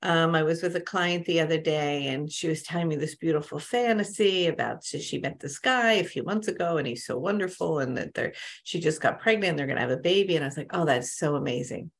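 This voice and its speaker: A woman's voice: deep voice, fairly quick. A woman spiritual coach talking casually to a group on an online call, telling stories with many asides. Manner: conversational, storytelling with many asides.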